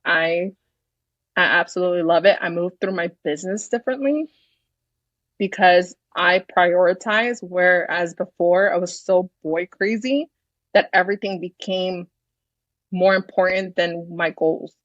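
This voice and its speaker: Confident thirties woman on a podcast, lowish voice, kinda dull dry sound, blunt and sweary. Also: unhurried, dry recording. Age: 30s. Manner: confident, frank, swears freely. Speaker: podcast guest. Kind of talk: casual interview chat.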